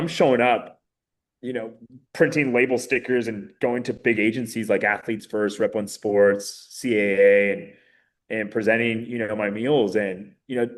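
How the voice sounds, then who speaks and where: A man in his thirties, a podcast guest, telling his story in a casual, animated way with many fillers. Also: lowish voice. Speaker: podcast guest, mayoral candidate.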